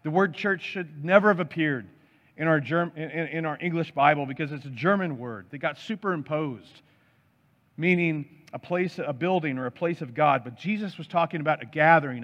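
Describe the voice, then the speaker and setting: A man's voice: fairly high pitch, normal speed, fairly bright tone. Man preaching in a reverberant hall. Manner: emphatic preaching with piled-up word lists. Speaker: pastor. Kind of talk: sermon. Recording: dull sound with long hall reverb.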